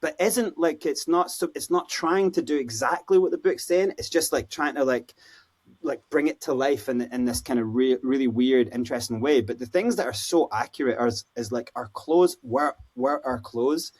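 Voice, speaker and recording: Husky-voiced Scottish man telling stories. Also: medium pitch, moderate pace. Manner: animated, acts out quoted voices, lots of "you know, like". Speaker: guest. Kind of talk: casual storytelling interview.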